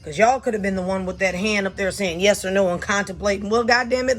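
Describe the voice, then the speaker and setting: A woman doing a blunt, profane tarot reading for her viewers, talking animated and fired up. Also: mid-range voice, fast talker. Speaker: tarot reader.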